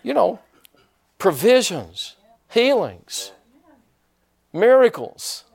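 A male pastor delivers a sermon to his church. His pitch sits a little high and swings widely as he preaches with energy, often asking the room questions to draw responses. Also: drawn-out words, gravelly, slightly rough. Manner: animated preaching with call-and-response questions to the congregation. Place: church sanctuary.

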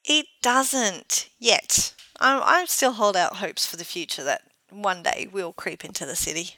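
Bright-voiced chatty woman podcaster. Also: medium pitch, a little slow, dry recording, rough recording. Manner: chatty, laughs often, self-mocking. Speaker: podcast co-host. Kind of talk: casual chat.

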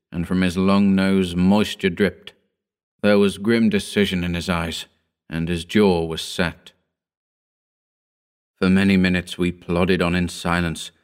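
Deep guy reading a creepy story, slow and grave. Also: clean tone. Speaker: narrator. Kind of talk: horror audiobook reading.

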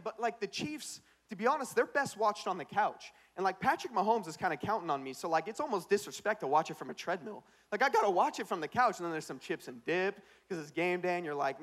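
A young male pastor delivers a sermon like a comedian telling a story on himself, with a slightly high voice. He drops into swaggering put-on voices for quoted lines, then swings from hushed asides to loud, bright punchlines. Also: lively intonation, fast talker.

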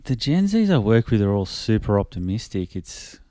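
A fairly low, smooth and clear male voice, recorded close and dry. He is a man in his thirties from Australia, chatting casually on a podcast and swearing often. When he quotes people, he slips into mock voices. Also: very animated, moderate pace, mellow, no room sound. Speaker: podcast co-host. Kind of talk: casual chat.

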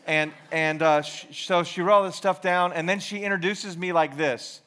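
A man's voice: high voice, fairly even intonation, normal speed, bright, forceful tone. A man in his forties from Georgia giving a casual, rambling sermon to a youth group, full of self-deprecating stories, fillers and restarts. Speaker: youth ministry speaker.

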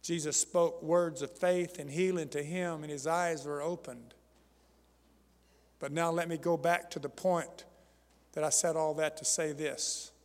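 A man preaching a sermon, repeating phrases, calling out to his congregation and building to loud, fervent emphasis. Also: on the high side, steady tone, measured pace, long reverb tail. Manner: calls out to the congregation for responses.

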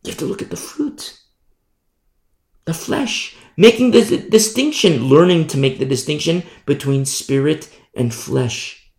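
A man preaching a sermon as pastor, emphatic, swinging from loud declarations to hushed asides and mimicking sinners' excuses. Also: on the high side, lively intonation, a little slow, vocal fry, reverberant.

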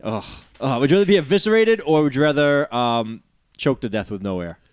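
Fast animated man, lively pitch. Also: smooth, dry recording, studio quality. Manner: quick, animated, profane banter. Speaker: podcast co-host. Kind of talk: casual chat.

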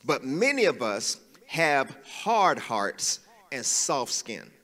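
A man's voice: mid-range voice, very animated, slow, bright, forceful tone, in a large hall. A man preaching a sermon as pastor, building into a sing-song preaching cadence. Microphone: handheld mic.

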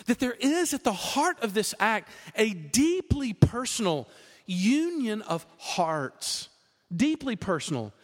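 Animated preacher in a hall. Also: male voice, extremely high pitch. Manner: conversational, animated preaching with many fillers. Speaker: pastor. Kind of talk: sermon. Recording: long reverb of a large hall.

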